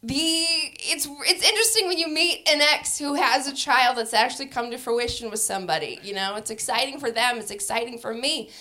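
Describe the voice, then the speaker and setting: A woman's voice: high-pitched, a little fast, hardly any pauses, sharp tone. A young adult woman performing a stand-up comedy set, brash and profane, often laughing through her lines.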